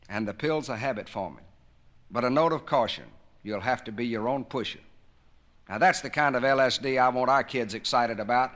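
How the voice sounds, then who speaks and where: A man's voice: mid-range voice, fairly quick, fairly bright tone. A man giving a patriotic speech to a live audience, telling folksy stories and jokes with emphasis. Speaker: public speaker. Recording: 1970s vinyl record of a live speech.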